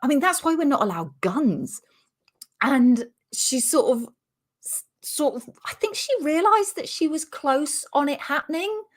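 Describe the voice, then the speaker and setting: A British woman comedian in her forties, telling a sweary, animated anecdote in casual chat over a remote call. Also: sits high, unhurried. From Britain. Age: 40s. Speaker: comedian guest.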